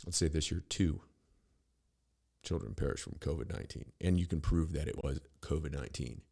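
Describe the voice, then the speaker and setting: A man's voice: rumbling low, brisk, creaky, mellow, slightly rough. A middle-aged man hosting a podcast, ranting in a rambling, profane, sarcastic monologue full of restarts. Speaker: podcast host.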